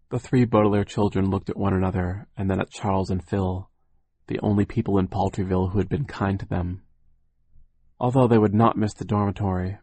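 Husky, low-voiced male narrator. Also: darkish tone, dry recording. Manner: wry, mournful storytelling. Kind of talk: audiobook narration.

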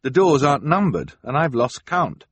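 A man's voice: mid-range voice, sing-song, normal speed, fairly bright tone, breathy edge, dry recording, voice pushed up. A man voicing a bookish, tired teenage boy, the middle sibling, thoughtful and mild. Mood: weary.

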